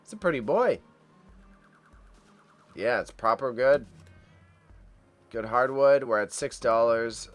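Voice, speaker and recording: A man's voice: mid-range voice, slow pace, pauses often, faint music behind. A man hosting a casual livestream, chatty and upbeat, talking to viewers in the chat and reading item names aloud as he stumbles over tricky words. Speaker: livestream host reacting to auction items.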